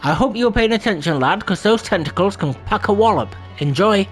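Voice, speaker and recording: A man voicing a cocky, small male rogue mentor with a put-on accent and rough, slangy coaching talk. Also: sits high, lively intonation, brisk, soft background music.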